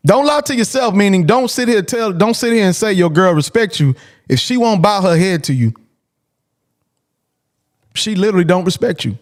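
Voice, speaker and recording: A man's voice: high voice, expressive, moderate pace, pauses often. A man hosting a call-in show, talking casually and bluntly, repeating his points for emphasis. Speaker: host.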